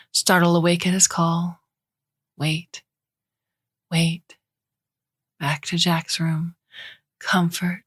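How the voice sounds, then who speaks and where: A woman narrating a short story in a measured, even way. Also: on the low side.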